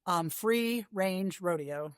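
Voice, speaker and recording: A woman's voice: fairly low pitch, takes it slowly, smooth, dry recording. Woman telling travel stories, dry close mic. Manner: animated storyteller with frequent asides. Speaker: guest, long-distance horse rider. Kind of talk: casual interview storytelling.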